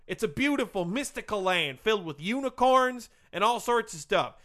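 A man voicing a male storyteller with a put-on Southern drawl who spins a hushed fantasy tale in a comedy podcast sketch. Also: sits high, animated, normal speed. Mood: storytelling. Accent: American Southern put-on.

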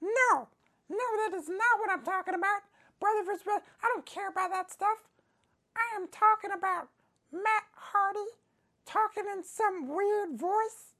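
A woman voicing an angry, boastful male wrestler in a comedy sketch interview, ranting and repeating herself with slow, heavy emphasis. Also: very high-pitched, pushed and bright, exaggerated voice.

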